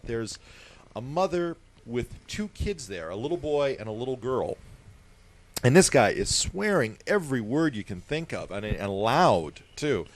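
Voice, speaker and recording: A man's voice: mid-range voice, sing-song, measured pace. A man on a radio talk show telling a story with wry humor and acting out the quotes. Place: radio studio.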